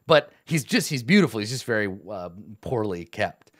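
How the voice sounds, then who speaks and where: A man's voice: lowish voice, sing-song, normal speed, no room sound, clean studio sound. A man narrating as game master in a casual, rambling way full of fillers.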